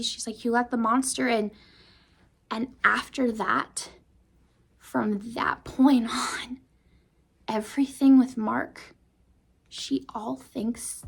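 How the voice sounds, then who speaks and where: A woman's voice: a little high, gravelly, breathy edge. Emotional young woman book vlogger. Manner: emotional, drops to whispers, many restarts. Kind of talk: casual book discussion.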